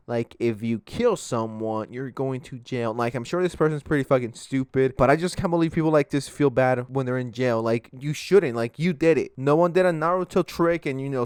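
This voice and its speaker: A man's voice: mid-range voice, clear, resonant tone, dry recording, studio quality. A man ranting in commentary about a crime story, sarcastic and profane, with mocking mimicry. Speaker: commentary YouTuber.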